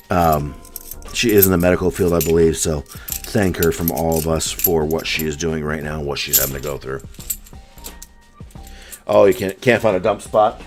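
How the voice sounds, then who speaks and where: Deep-voiced, chatty live streamer. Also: male voice, moderate pace, pauses often, faint music behind. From US East Coast. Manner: chatty, answers viewer comments one by one. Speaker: coin roll hunting live streamer. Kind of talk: casual live-stream chat.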